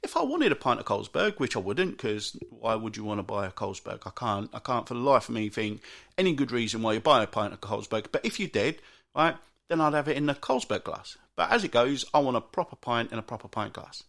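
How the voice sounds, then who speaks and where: A British man hosting a solo podcast, grumbling in an exasperated rant with frequent restarts and big jumps in pitch. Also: very animated, a little fast, gravelly, fairly bright tone. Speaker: podcast host. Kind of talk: solo ranting monologue.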